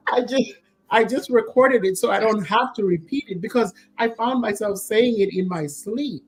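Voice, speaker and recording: A woman co-hosting a casual talk show, telling stories with lively quoted voices and frequent laughs. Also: a little high, moderate pace. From Zambia. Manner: animated storyteller, acts out quoted voices, laughs often. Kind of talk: casual chat.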